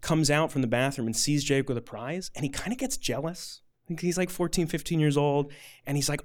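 A man's voice: a little high, a little fast, a little mellow. A man telling a personal story to an audience, conversational and rambling, with a self-deprecating, emotional edge.

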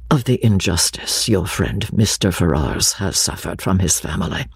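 A woman reading an audiobook, voicing a calm, earnest middle-aged gentleman who speaks with grave compassion. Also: a bass voice, moderate pace, creaky, slightly rough, no room sound, clean studio sound, voice pushed down, exaggerated voice.

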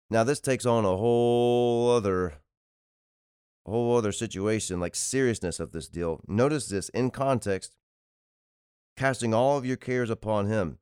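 Male podcast preacher, low-pitched and smooth, dry close sound, driving repetitive delivery. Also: moderate pace, a little mellow, no echo. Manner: emphatic, repetitive preaching cadence. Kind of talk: sermon-style podcast teaching.

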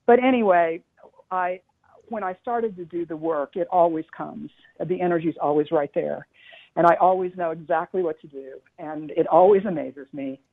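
A middle-aged woman, a spiritual teacher, telling a story on a radio show in an earnest, halting way with many restarts. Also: fairly low pitch. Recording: tinny phone line.

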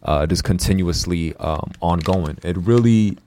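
A young man co-hosting a podcast, chatting casually in slangy, laid-back talk and acting out other people in high voices. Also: unhurried, dark tone, slight background noise. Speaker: podcast co-host.

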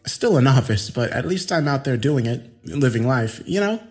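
A man voices a giggly, unhinged guy in his mid-twenties, pitching a bit above his own voice but staying close to everyday speech. The mood is breezy as he smirks, laughs and throws out casual, slangy taunts and jokes at normal speed in a medium, slightly mellow, animated tone. Faint music plays behind him.

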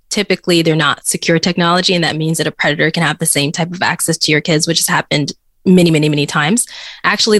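A woman with a fairly low voice talks as a guest expert, explaining online safety with earnest conviction. The sound is dry and close, with no room around it. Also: a bit bright, dry recording. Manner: earnest, explanatory, laughs easily. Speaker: cyber security expert guest. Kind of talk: podcast interview answers.

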